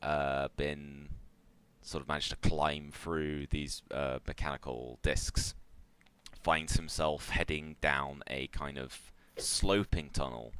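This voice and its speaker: Very deep-voiced man narrating as game master. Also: takes it slowly, smooth. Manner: relaxed, loose, many fillers.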